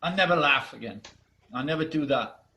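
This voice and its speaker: A man voicing a furious, grieving giantess who speaks in loud, defiant declarations in a spoken storybook tale. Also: low voice, lively intonation, brisk, exaggerated voice.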